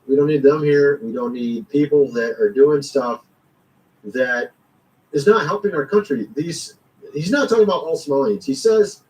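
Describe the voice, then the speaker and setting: Casual vlogger, man, higher voice, rambling slangy delivery, sits a bit off-mic. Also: darkish tone, recorded from a distance, rough recording. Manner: rambling, slangy, chuckles often. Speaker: commentary vlogger. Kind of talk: casual political commentary.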